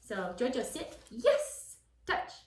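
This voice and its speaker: A woman dog trainer explaining a puppy session, switching between calm explanation and high, bright praise for the dog. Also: normal speed. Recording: echoey, from a distance.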